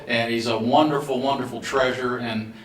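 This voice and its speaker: A man's voice: medium pitch, steady tone, normal speed. Man presenting an award in an echoey hall. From Atlanta. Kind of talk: formal presentation speech. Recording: echoey hall from far off, faint background noise.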